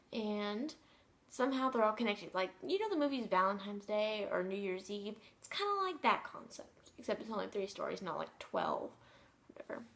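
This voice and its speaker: A woman's voice: mid-range voice, a bit bright. A teenage girl chatting casually about her new books, bubbly and gushing, rambling with lots of fillers. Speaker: book vlogger. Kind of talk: casual book haul chat.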